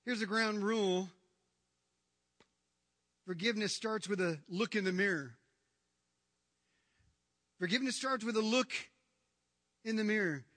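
A man preaching a sermon as pastor, emphatic, swinging from hushed lines to near-shouting. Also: sits high, a little slow, long pauses. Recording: long reverb of a large hall.

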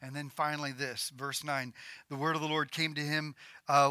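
A man delivers a sermon in a bright, sharp voice that sits a little high. He acts out the voices in the story, sometimes building to near shouts. The sound is dry and close. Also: fairly even intonation, brisk, no echo. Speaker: pastor.

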